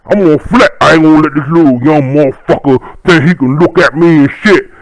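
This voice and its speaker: A man's voice: fairly high pitch, brisk, dry recording, voice pushed up, close to an everyday voice. A man doing a hostile young street tough. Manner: confrontational, shouting challenges.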